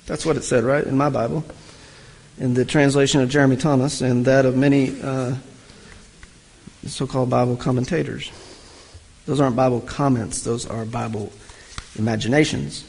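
A man's voice: medium pitch, little pitch movement, normal speed, gravelly, long pauses, darkish tone, breathy edge, poor audio. A male preacher teaching through a scripture passage, reading verses aloud and then asking his listeners questions he answers himself. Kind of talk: expository sermon teaching.

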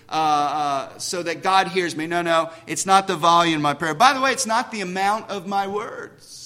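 At normal speed and with few pauses, a man preaches to a church congregation in a high-pitched, bright, forceful voice. His tone is conversational, mixing questions with self-deprecating humor.

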